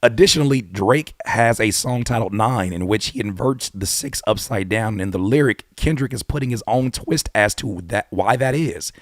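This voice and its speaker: A man hosting a casual live reaction stream, swinging between loud excited outbursts and low muttering, mixing read-out notes with slangy commentary. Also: moderate pace, few pauses, no room sound, clean studio sound. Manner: mixes reading annotations aloud with slangy commentary. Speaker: YouTube host reacting to a song.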